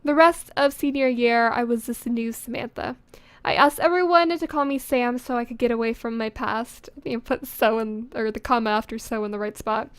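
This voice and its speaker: A teenage girl vlogger reading her old writing aloud in a casual, self-mocking way, breaking off into giggles and quiet muttered asides, recorded close on a studio condenser microphone at home. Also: on the high side, fairly even intonation, normal speed, clear, resonant tone, no room sound.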